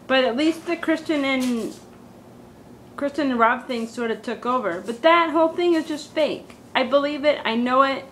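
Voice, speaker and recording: A woman in a comedic character monologue, talking like a valley girl with "like" and "totally" in every breath. She rants with big, dramatic emphasis. Her voice sits fairly high, with a faint hiss behind it. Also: a bit bright, low-quality recording. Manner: exaggerated, dramatic ranting.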